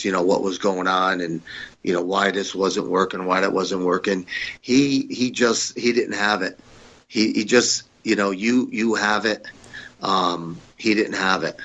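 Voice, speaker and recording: A man's voice: sits low, fairly bright tone, highs cut off. A man guest on a podcast, rambling through stories in a casual, profane way and repeating himself. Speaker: podcast guest, former wrestler. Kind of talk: casual storytelling interview.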